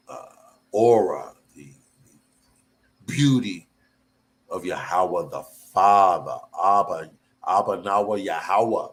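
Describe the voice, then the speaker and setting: A man preaching a sermon, fervent and repetitive, breaking into sudden high whoops. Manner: slow and drawn out.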